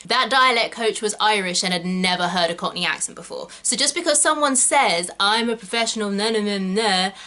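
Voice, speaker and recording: Young Southern English woman, bright middle-pitched voice, chatty host teaching a casual lesson. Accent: Southern English (Kent, Estuary). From England. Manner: chatty, quick asides and emphatic stress. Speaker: actor and channel host.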